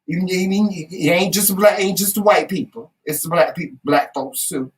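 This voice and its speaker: Southern-accented woman co-host, lively and emphatic, slightly distant from the mic. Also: fairly low pitch, moderate pace. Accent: Southern American. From Southern United States. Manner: animated, emphatic, salty storytelling with folksy asides. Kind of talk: casual chat.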